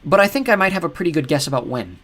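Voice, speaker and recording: A man's voice: fairly high pitch, lively intonation, very fast, pitched above the performer's own voice. A man doing a guarded, haunted woman. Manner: soft, cautious and earnest. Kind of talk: audiobook narration.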